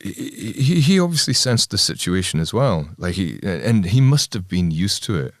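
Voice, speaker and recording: A man with a deep, low voice tells an animated anecdote in an interview, slipping into quick impressions. The recording is dry and close, with no room sound. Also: dry recording. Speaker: band member. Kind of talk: storytelling interview.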